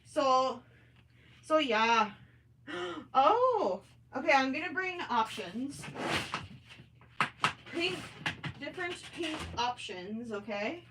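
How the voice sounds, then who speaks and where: A woman's voice: high voice, expressive, slow pace, pauses often, very noisy. A woman with a Minnesotan accent hosting a casual livestream from home, chatting with viewers, reading their comments and often apologizing with a self-deprecating tone. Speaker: livestream host. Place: home, indoors.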